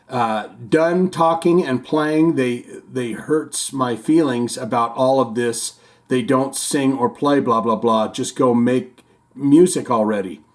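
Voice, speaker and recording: A man hosting a casual chat show, reading out and answering viewer comments with rambling restarts. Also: medium pitch. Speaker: host.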